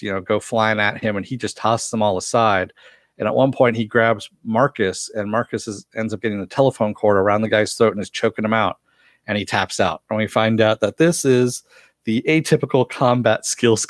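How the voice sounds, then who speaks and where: A man with a fairly low voice, talking through a TV episode in a loose, chatty recap. He chuckles often and leans on fillers as he retells the scenes. The sound is dry and close, with no room around it. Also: steady tone, normal speed, dry recording. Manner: chatty, laughs often, frequent uh fillers while recounting scenes. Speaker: TV episode reviewer. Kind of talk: casual spoken recap and review.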